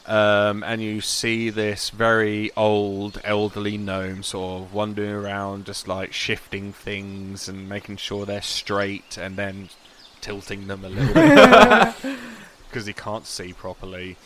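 A man's voice: lowish voice, slow, a bit bright. A man narrating a tabletop game as game master, casual and swearing now and then. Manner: casual, swearing, laughs easily.

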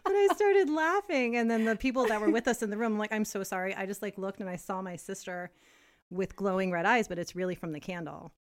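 A young woman chats on a podcast, her voice sitting at a middle pitch. She tells stories with plenty of energy and laughs often as she goes. The talk is loose and unscripted. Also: brisk. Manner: animated storyteller, laughs often. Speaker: podcast co-host. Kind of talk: casual chat.

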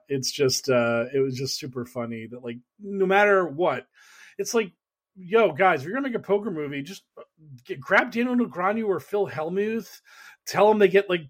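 A man co-hosting a podcast, telling stories in animated casual chat, laughing and swearing freely. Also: high voice, moderate pace. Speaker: podcast co-host.

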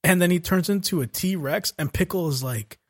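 A man's voice: high-pitched, moderate pace. A man hosting a casual comedy podcast, recapping an anime episode and acting out the characters' lines with swearing and laughter.

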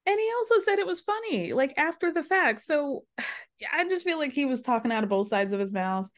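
A woman hosting a podcast, recapping a reality show in casual, animated, gossipy chat. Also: high-pitched, a little fast. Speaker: podcast host.

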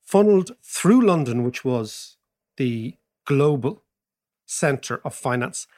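Lively man telling stories. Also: medium pitch, slow. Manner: animated, laughs through his stories. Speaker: podcast co-host. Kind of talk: casual storytelling and economics chat.

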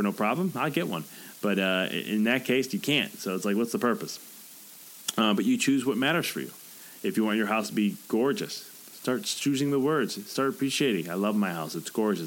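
Man, podcast host, earnest coaching tone, lowish voice, motivational solo talk. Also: poor audio.

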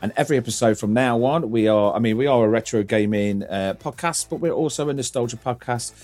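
A man's voice: mid-range voice, quick pace, a little mellow, faint music behind. A man hosting a casual podcast, rambling through stories, swearing freely and laughing often. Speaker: podcast host.

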